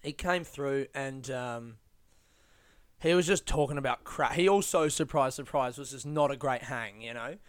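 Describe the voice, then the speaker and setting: Young male comedian, sardonic and profane storyteller, clean smooth tone. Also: mid-range voice, normal speed. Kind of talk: casual comic storytelling.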